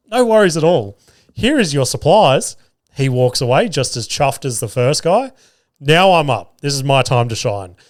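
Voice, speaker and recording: A man's voice: medium pitch, no room sound. Australian man telling a story, dry mic. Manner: animated storyteller acting out dialogue, swearing freely. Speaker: podcast host. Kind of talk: casual storytelling.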